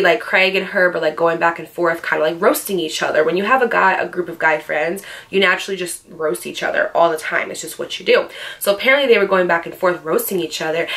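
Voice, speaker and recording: A storytime vlogger in her twenties, with a bright, forceful, mid-range voice, tells her viewers a personal story. She's candid and profane, and her casual storytelling is packed with "like."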